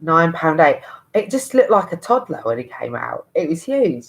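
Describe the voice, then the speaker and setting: Frank, low-voiced woman. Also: sing-song, a little fast, poor audio. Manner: frank, sweary and rambling, with many restarts. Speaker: vlogger. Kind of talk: candid monologue.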